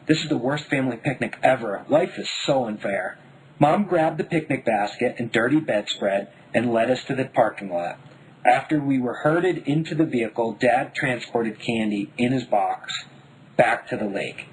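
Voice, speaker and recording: A man from Denver narrating his own memoir in a wry, deadpan voice. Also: mid-range voice, moderate pace, slight background noise, rough recording. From Denver, United States. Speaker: memoir author.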